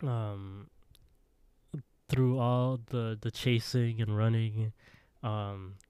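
A man's voice: on the low side, steady tone, drawn-out words, warm tone, clear, resonant tone, no echo. A man co-hosting a podcast, casually recapping an episode in a rambling way. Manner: rambling retelling with quoted voices and laughs. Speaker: podcast co-host.

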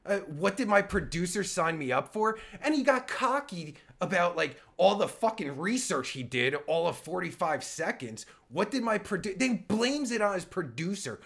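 A man rants on a live stream in a high, gravelly voice. He is sarcastic and profane, trips over his words, and swings wildly up and down in pitch. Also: very animated, moderate pace, hardly any pauses, a bit bright. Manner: sarcastic, stammering, swears constantly. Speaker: podcast host reacting to a clip. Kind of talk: angry profane reaction commentary.

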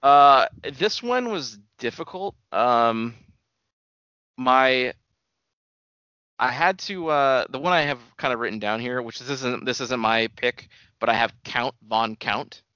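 A man's voice: medium pitch, animated, slow pace, bright, forceful tone, smooth, dry recording, lo-fi sound. A man co-hosting a podcast, chatting casually about movies in a rambling way and laughing often. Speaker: podcast co-host.

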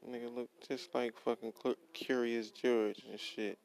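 A man's voice: medium pitch, level tone, measured pace, vocal fry, a little mellow, low-quality recording. A young man in a blunt, profane, casual rant about work, repeating himself and quoting what he told people. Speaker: worker ranting about his job.

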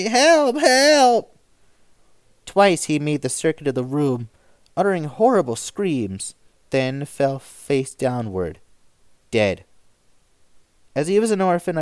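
Man reading old stories aloud, measured. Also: mid-range voice, no echo. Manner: measured, even narration. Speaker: story reader.

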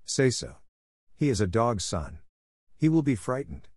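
A man voicing a gentle, shrewd panther. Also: mid-range voice, big pitch swings, a little slow, husky, no echo, studio quality. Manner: gentle, advising. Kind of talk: audiobook reading.

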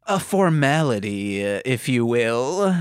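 A man's voice: medium pitch, big pitch swings, slow pace, smooth, no echo, clean studio sound. A man co-hosting a podcast, riffing jokey ideas in casual chat. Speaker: podcast co-host.

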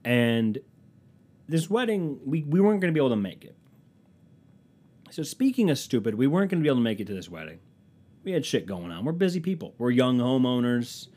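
A man's voice: medium pitch, very animated, fairly quick, pauses often, warm tone. A man telling comic stories as a podcast host in a profane, sarcastic, self-mocking casual rant. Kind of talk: casual comedic storytelling rant.

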